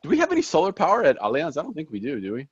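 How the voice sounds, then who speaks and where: A man whose first language is Portuguese, co-hosting a podcast and telling stories in a chatty, animated way with lots of restarts. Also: fairly high pitch, very fast, breathy edge, no room sound. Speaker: podcast co-host. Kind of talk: casual chat. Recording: dull, dry lo-fi sound.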